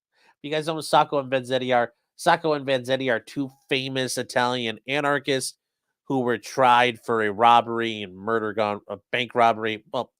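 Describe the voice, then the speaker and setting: Speaking at normal speed in a smooth, somewhat bright mid-range voice with fairly even intonation, this man is heard in a dry recording. He's worked as a defense attorney and casually discusses a trial on a live stream, swearing loosely and acting out courtroom quotes.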